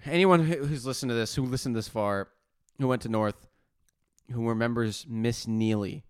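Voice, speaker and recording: A man's voice: medium pitch, normal speed, a little mellow, smooth. A young man co-hosting a casual podcast, telling stories animatedly, acting out quotes and swearing freely. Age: young adult. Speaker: podcast co-host. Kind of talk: casual chat.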